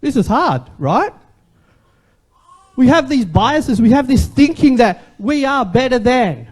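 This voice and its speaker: A man's voice: extremely high pitch, very animated, slow pace, darkish tone. A man, preaching a sermon as a pastor in a conversational way and asking the congregation questions.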